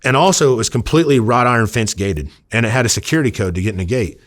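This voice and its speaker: A man's voice: medium pitch, quick pace. A man from Iowa, a former undercover officer, telling stories casually in an interview, rambling with many fillers and acting out quoted dialogue. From Iowa, USA.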